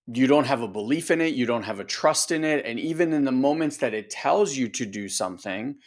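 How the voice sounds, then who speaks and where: Brief: male coach, conversational and lively, middle pitch, explaining with examples. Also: fairly quick. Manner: animated, acts out voices, conversational. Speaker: coach and co-host. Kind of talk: casual coaching podcast talk.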